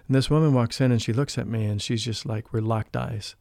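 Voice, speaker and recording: A spiritual life coach appears as a guest on a podcast, recounting a personal spiritual story with earnest emotion. His mid-range voice is steady, fairly quick, and gravelly, and he often lowers it to a hush when quoting others. There's no echo.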